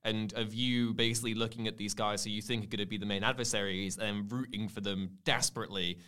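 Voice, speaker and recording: A man's voice: lowish voice, steady tone, fast, sharp tone. A man hosting a casual film podcast, talking enthusiastically and rambling with restarts and fillers. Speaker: podcast host.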